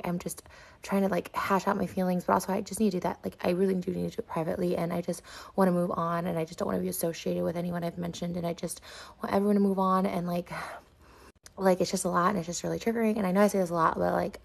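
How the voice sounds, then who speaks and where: An internet personality rants emotionally straight to camera, upset and hurt, rambling with lots of "like", restarts and repeats. She has a lowish, creaky voice with a breathy edge.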